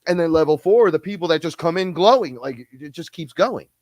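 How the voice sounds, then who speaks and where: A man ranting in a casual, blunt, profane way on a podcast, quick and heated, often slipping into imitations of other people. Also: a little high, expressive, a little mellow, no room sound. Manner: blunt, profane, fast-talking, mimics others. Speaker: podcast guest-host. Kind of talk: casual rant.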